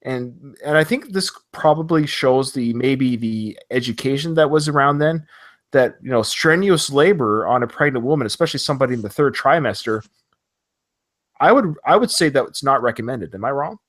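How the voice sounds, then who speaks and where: A man's voice: mid-range voice, normal speed. A man co-hosting a podcast over a remote call, casually retelling film scenes and quoting the characters. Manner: animated, quotes movie lines in retelling. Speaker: podcast co-host.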